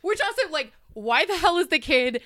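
A woman hosting a casual podcast chat, animated and swearing, acting out quotes. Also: high-pitched, moderate pace, no room sound, clean studio sound. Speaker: podcast host.

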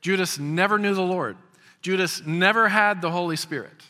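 Pastor in his 50s, fairly high bright voice, emphatic sermon, stutters into phrases, long hall echo. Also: normal speed. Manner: emphatic, repeats words when starting phrases.

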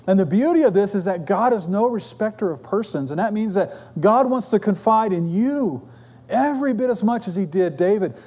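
A middle-aged male pastor with a high, light voice delivers a sermon in a church. He tells stories with humor and acts out his family's dialogue. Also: expressive, moderate pace, mellow. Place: church sanctuary.

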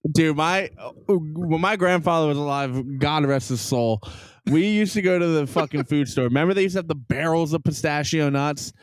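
A man's voice: on the high side, moderate pace, dry recording. A man co-hosting a podcast, chatting casually, teasing and arguing with heavy swearing. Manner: profane, teasing, argumentative. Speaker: podcast co-host. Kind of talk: casual banter.

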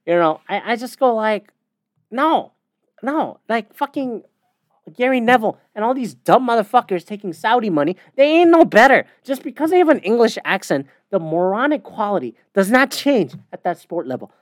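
An American man hosts a podcast solo, launching into a heated, profane, rambling rant. His high-pitched voice is sing-song and a little fast, recorded clean in a studio with no room sound.

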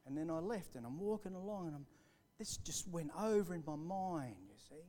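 A man preaching a sermon live in church, building to fervent emphasis and then dropping to a hushed storytelling voice. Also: fairly high pitch, animated, moderate pace. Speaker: pastor. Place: church hall, recorded live.

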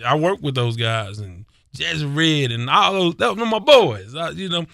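Man, middle-aged, podcast host, casual chat, self-deprecating, slightly high voice, dry close mic. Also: moderate pace, creaky, no room sound. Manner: animated, self-deprecating, laughs often.

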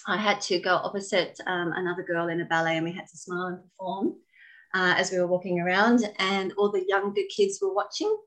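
Lively storytelling woman, lowish voice. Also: brisk, poor audio. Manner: animated, laughing, expressive storyteller. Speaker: guest, former ballet dancer. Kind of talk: storytelling in a casual interview.

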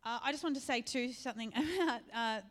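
A woman's voice: fairly high pitch, fairly quick. A woman giving friendly, joking announcements to a church congregation. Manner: warm, joking, encouraging. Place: church hall.

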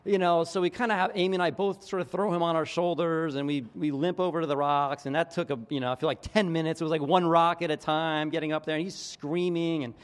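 Middle-aged guy preaching, chatty storytelling, voice a bit high, echo hanging in a big church hall. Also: fast talker, few pauses. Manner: animated storytelling with quoted voices. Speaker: pastor. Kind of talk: conversational sermon storytelling.

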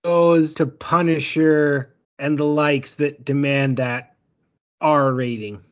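A man's voice: on the high side, steady tone, slow pace, muffled recording. A man co-hosting a casual podcast, laid-back and dry with firm opinions. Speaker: podcast co-host.

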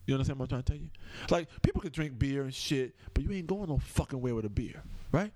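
A man who is a guest comedian on a podcast, telling stories in an animated, profane way and insisting that he gets to finish his point. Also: medium pitch, quick pace, no echo.

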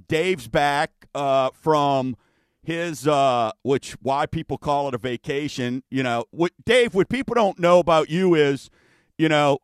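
A man's voice: mid-range voice, no echo. A middle-aged man hosting a mortgage talk show, chatting casually and rambling with many fillers. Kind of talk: casual radio-style chat.

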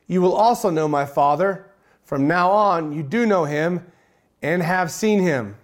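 A man with a fairly high voice preaches a sermon. He reads scripture aloud and drives each point home by repeating phrases. Relaxed, folksy asides break up the teaching.

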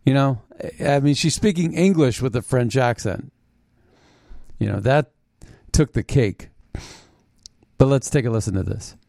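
A man hosting a political commentary show, talking in a mocking, halting way with frequent restarts. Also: medium pitch, creaky, dark tone, dry recording. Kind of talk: opinionated commentary monologue.

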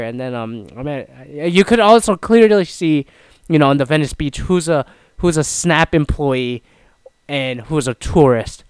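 A man's voice: animated, a little slow, clean tone, no echo. A man from Canada casually telling a rambling story, swearing often and restarting his sentences, with many fillers. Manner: mimics others in higher, louder voices.

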